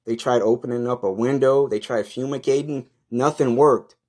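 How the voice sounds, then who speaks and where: A man narrating a comic story in a profane, deadpan way. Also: medium pitch, moderate pace. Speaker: comedian narrating a skit.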